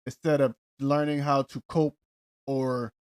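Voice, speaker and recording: A man's voice: mid-range voice, little pitch movement, unhurried, darkish tone, clear, resonant tone. A man co-hosting a podcast, recapping reality TV in a laid-back, wry way. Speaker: podcast co-host. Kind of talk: casual chat recapping reality TV.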